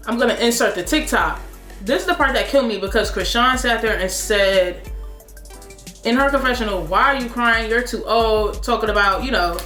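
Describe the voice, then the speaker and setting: A woman's voice: medium pitch, a bit bright, echoey room. A young woman hosting a reaction show, recapping reality TV in casual, blunt, heavily slangy talk full of swearing.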